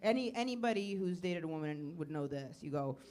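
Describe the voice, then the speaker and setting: A woman comedian on a club stage, doing crowd work and a stand-up set in a neurotic, self-deprecating way, breaking into loud mock panic. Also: deep voice, expressive, fairly quick. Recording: live club recording with audience noise.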